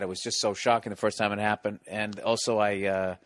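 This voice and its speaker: A man in his forties from the United States, a comedian guest telling stories in a casual podcast chat. His delivery is profane and animated, full of swearing and restarts. The sound is close and dry, with no room around it. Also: fairly low pitch, a little fast, few pauses, no echo. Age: 40s.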